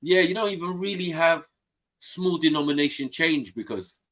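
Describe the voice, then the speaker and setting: A man's voice: a little high, normal speed. A man from England, telling stories in casual chat and acting out the voices of people in them. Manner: animated, acts out voices in his stories. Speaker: guest on a panel stream.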